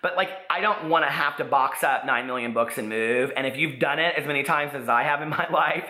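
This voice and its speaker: A man who runs a book vlog, talking in a chatty, animated and self-deprecating way. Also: medium pitch, brisk. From United States. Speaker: book vlogger. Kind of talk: casual chat. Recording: echoey room.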